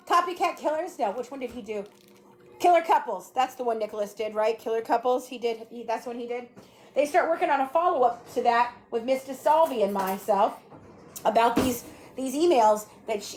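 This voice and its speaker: A woman hosts a livestream from her home kitchen, ranting with a steady stream of cursing and jumping between topics as she moves around. Her voice sits fairly high, and a faint room hum runs underneath. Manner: profane, ranting, scattered, talks to viewers. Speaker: livestream host. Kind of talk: casual livestream rant.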